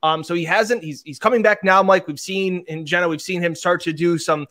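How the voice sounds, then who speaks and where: A man's voice: sits high, fairly quick. A man, a sports reporter, talking casually about football and acting out interview quotes as he tells a story. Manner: animated storyteller, acts out quotes.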